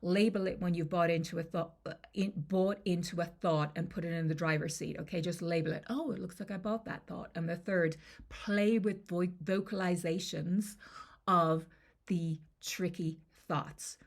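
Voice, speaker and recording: A woman coaching on confidence, her voice sitting low with a gravelly, fry-tinged edge. She talks it through conversationally, pausing to check in with the listener as she teaches. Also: fairly even intonation. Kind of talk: coaching lesson to camera.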